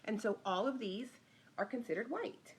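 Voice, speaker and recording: A woman's voice: on the high side, lively intonation, normal speed, noisy background. A middle-aged woman, an interior designer, giving a casual live-stream lesson, chatting and greeting viewers by name as she goes.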